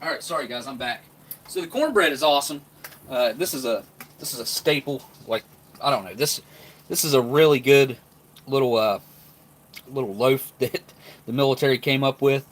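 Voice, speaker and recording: Host, male, mid-pitched, easygoing, chats and chews on a live tasting stream. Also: normal speed, pauses often. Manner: rambling, talks while chewing; easygoing, laughs often. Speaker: live-stream food reviewer.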